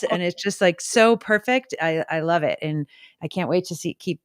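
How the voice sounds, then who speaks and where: A woman's voice: lowish voice, normal speed, clean tone, dry recording, studio quality. A woman podcast host in a casual remote interview, gushing with enthusiastic praise.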